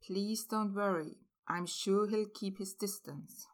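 A woman voicing a gentle, weary middle-aged werewolf man who speaks softly and mildly. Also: medium pitch, takes it slowly, natural voice. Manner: soft-spoken, mild, understated.

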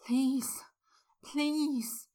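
A breathless, emotional young man whose voice rises higher and slips into a half-whisper, as a woman voices him while reading. The delivery is slow, with a bright, clear tone. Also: heavily acted. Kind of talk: reading fan fiction aloud.

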